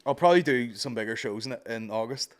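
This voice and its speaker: A man's voice: mid-range voice, expressive, fast talker. A man, a stand-up comedian guest, chatting casually with rambling, sweary restarts. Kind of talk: casual chat.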